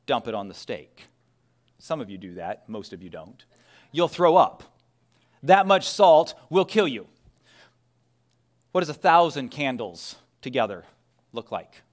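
A man preaching a sermon as a pastor, conversational, asking his congregation rhetorical questions and moving between loud emphasis and a hushed near-whisper. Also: mid-range voice. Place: church sanctuary.

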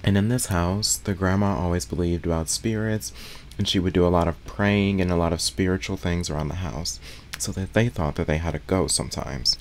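Deep-voiced young man talking through mouthfuls. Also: a little fast, a little hiss or hum. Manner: talks with his mouth full, chewing between phrases. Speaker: ASMR eating channel host. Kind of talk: casual storytelling while eating.

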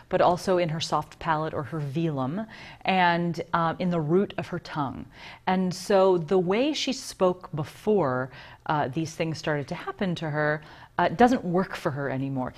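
A woman voice coach giving detailed, explanatory answers in an interview. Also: on the low side.

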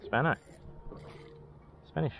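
An Australian man vlogging while fishing on a boat, exclaiming and joking in playful slang. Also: takes it slowly. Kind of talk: excited fishing banter. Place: outdoors on a boat at sea. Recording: noisy outdoor boat audio.

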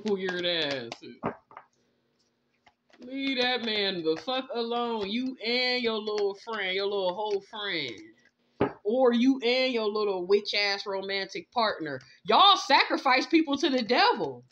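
A woman's voice: medium pitch, lively intonation, takes it slowly, background noise. A woman giving a blunt, profane tarot reading, scolding and laughing as she talks. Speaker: tarot reader. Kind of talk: casual spoken tarot reading. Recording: slightly dull lo-fi sound.

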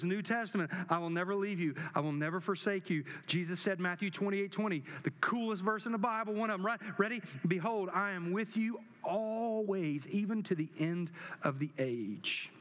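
A man's voice: high voice, a bit bright. A man preaching a sermon as pastor, building emphasis through repeated phrases. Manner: preaching with rising emphatic repetition. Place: large church hall. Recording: long hall reverb.

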